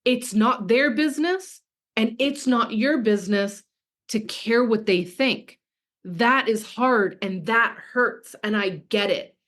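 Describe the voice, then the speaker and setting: A woman's voice: a little high, slow pace, a bit bright. A woman in her thirties, a business coach talking casually and frankly with frequent swearing, reading out and answering chat comments. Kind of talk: coaching call.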